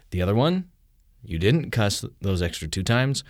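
A man's voice: lowish voice, moderate pace, no room sound, clean studio sound. A man leading a conversational theology discussion, explaining through vivid examples and often asking whether the others see his point. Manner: animated explainer, shouts quoted lines in vivid examples, asks "you see?".

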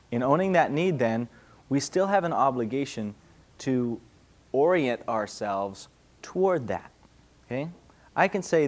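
A man, a pastor, answering questions in a casual, conversational sermon, acting out small voices. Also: mid-range voice. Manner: conversational, animated, acts out little voices.

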